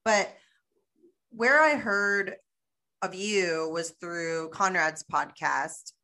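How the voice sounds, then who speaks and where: A woman's voice: on the low side, pushed and bright. A woman hosting a podcast in casual chat, blunt and outspoken, laughing easily. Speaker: podcast host.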